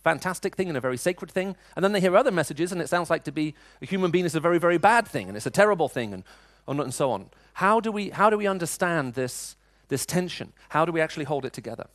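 A man's voice: fairly high pitch, expressive, fast talker, hardly any pauses, dry recording. A middle-aged man preaching a sermon, telling personal stories in a conversational way. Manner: storytelling, conversational, frequent restarts.

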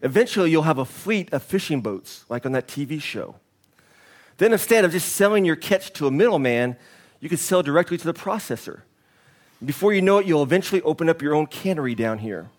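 A man's voice: fairly high pitch, lively intonation, brisk. A man reading as a pushy business consultant. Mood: eager. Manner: salesy, eager, lecturing. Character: pushy male business school graduate.

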